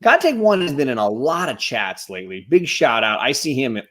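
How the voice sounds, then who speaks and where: Enthusiastic man chatting on a live stream, middle pitch, casual. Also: brisk. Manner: enthusiastic, animated shout-outs. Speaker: guest co-host.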